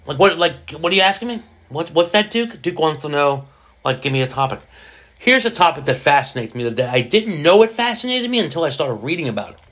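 A man's voice: on the high side, sharp tone. A man hosting his own podcast in a casual, rambling monologue, often restarting his sentences. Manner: slips into jokey put-on voices. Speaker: podcast host.

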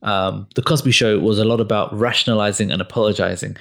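A man's voice: fairly low pitch, fairly even intonation, quick pace, vocal fry, a bit bright. A man hosting a casual podcast chat, giving opinionated takes with sarcastic asides and lots of ums. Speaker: podcast host.

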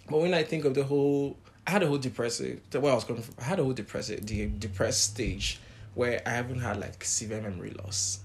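Male co-host, candid, mid-pitched, casual faith chat. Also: fast. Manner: candid, animated when quoting others. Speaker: podcast co-host.

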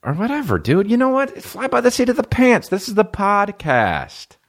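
A man's voice: high-pitched, moderate pace. A male podcast host ranting through a comedic story, swearing often and acting out the other people's lines. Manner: animated storytelling, profane, acts out voices of others. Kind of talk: solo comedic podcast rant.

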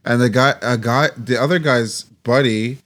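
A man's voice: medium pitch, normal speed, fairly bright tone. A man in casual sports chat, telling profane anecdotes and laughing along.

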